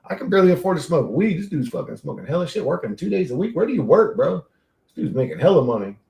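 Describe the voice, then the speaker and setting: A man's voice: a little high, sing-song, quick pace, gravelly, darkish tone, reverberant. A man hosting a livestream, rambling casually and profanely while reading and answering chat. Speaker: livestream host.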